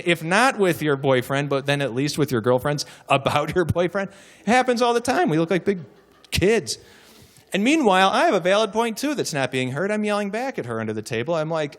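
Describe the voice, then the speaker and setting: A man giving a humorous keynote, telling stories with animated comic timing and acted voices before a live audience. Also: a little high, fairly quick. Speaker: keynote speaker.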